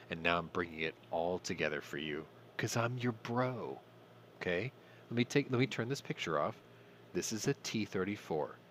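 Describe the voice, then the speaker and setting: A man's voice: on the low side, slight background noise. A man hosting a casual news commentary podcast, irreverent and swearing, with ranting asides. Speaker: podcast host.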